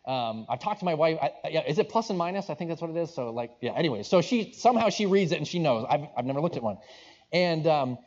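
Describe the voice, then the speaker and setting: Male preacher, sermon story, chatty and rambling, slightly high voice, dull lo-fi sound. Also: expressive, fast talker, darkish tone. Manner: conversational, rambling with restarts and asides. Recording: dull lo-fi recording.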